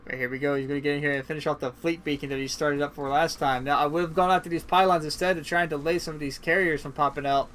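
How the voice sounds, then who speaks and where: A man giving casual, chatty play-by-play commentary on a strategy game match, swinging into excited bursts, and sounding tired. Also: fairly high pitch, fast, hardly any pauses, slight background noise. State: yawning, tired. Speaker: esports caster.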